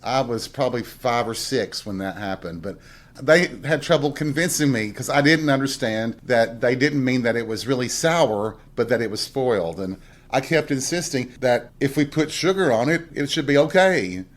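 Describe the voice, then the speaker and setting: A man's voice: mid-range voice, lively intonation, moderate pace. A middle-aged man from Tennessee with a Southern accent, hosting a casual solo podcast and telling folksy stories with chuckling asides. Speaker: podcast host.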